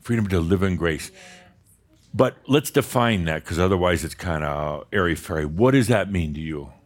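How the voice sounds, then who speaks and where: A man with a fairly low voice leads a group workshop, steering the talk and asking people to get specific. He jokes often and his delivery swings from quiet asides to sudden loud bursts. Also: normal speed. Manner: animated, joking, pushes for specifics. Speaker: workshop leader. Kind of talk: live group session talk.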